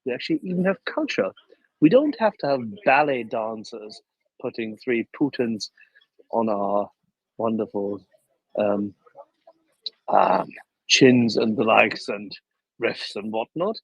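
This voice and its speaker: A man's voice: on the low side, animated, slow pace, long pauses, breathy edge, no room sound, highs cut off. A man hosting a casual online panel, mocking and theatrical in his delivery.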